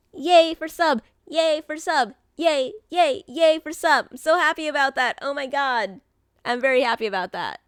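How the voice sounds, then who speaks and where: Rambly woman streamer chatting to her viewers, kinda high voice, dry close mic. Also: normal speed, smooth, dry recording. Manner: chatty, rambling, many fillers and restarts, bubbly when excited. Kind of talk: casual live-stream chat.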